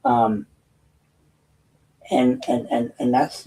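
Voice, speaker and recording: On his own show, an American political commentator delivers an unscripted, profane, blunt rant to viewers, repeatedly restarting. His voice is fairly low, flat and darkish at a moderate pace. He's recorded from a distance, with slight background noise and rough quality.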